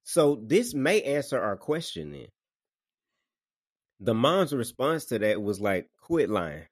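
A man co-hosting a podcast, chatting about a movie at an easy pace and often breaking into loud laughter. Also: medium pitch, big pitch swings, takes it slowly, dry recording, studio quality. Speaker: podcast co-host. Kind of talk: casual movie recap chat.

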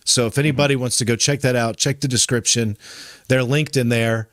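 A man's voice: mid-range voice, steady tone, fairly quick, no echo, studio quality. A man hosting a retro tech podcast, chatting casually and often restarting his sentences. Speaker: podcast host. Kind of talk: casual chat.

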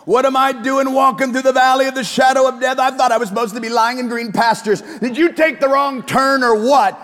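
A man's voice: very high voice, steady tone, fairly quick, fairly bright tone, in a large hall. A man voicing a whiny, complaining pessimist woman in a comedic sermon skit, griping sarcastically.

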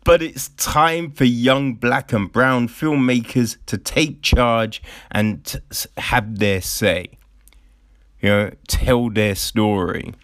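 A man's voice: medium pitch, slow, no room sound, studio quality. A man in casual, profane commentary, ranting sarcastically and mocking the people he talks about.

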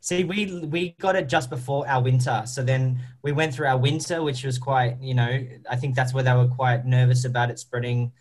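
A man's voice: medium pitch, steady tone, moderate pace, few pauses. An Australian man, a stage actor, answering interview questions in an upbeat, chatty way, with plenty of ums and you-knows.

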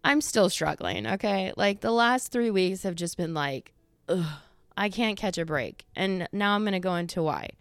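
With a mid-range, animated voice that's clear and resonant, a female podcast host in her thirties talks at a normal speed, no echo present. She rambles casually through a monologue, using fillers and quoted asides, a little breathless.

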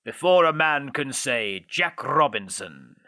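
A man voicing a portly, jovial old male merchant who calls out loudly in a storybook reading. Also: lively intonation, slow, exaggerated voice. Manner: loud, booming, jovial calls.

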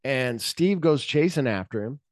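A man's voice: medium pitch, animated, measured pace, no echo, clean studio sound. A man co-hosting a podcast, retelling a film's plot in casual chat and acting out the characters' lines, swearing freely. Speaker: podcast co-host.

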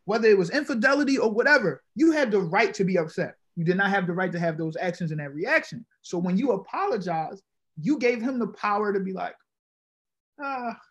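A man with a high, husky voice speaks as a podcast guest, telling stories in an animated way. His voice has a breathy rasp to it, and he jumps into character when he quotes people in his stories. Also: fast talker. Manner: animated, acts out quoted dialogue. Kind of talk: casual conversational storytelling.

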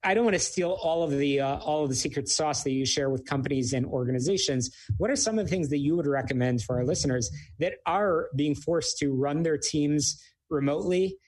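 A man's voice: a little high, brisk, a little mellow. A man hosting a business talk show, interviewing a guest with many fillers and hesitations. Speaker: radio show host.

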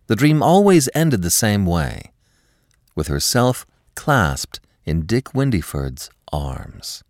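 A man with a deep voice reads a classic story aloud as a podcast host, shaping each sentence with dramatic, expressive storytelling. His pitch swoops widely through the narration, and the sound is close and dry with no room around it. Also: no echo.

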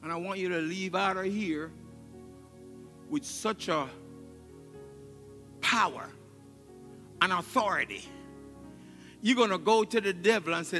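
A man's voice: high voice, moderate pace, long pauses, bright, forceful tone. A male pastor preaching a sermon with exclamations, laughter and call-and-response, in a church sanctuary. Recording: long hall reverb, faint music.

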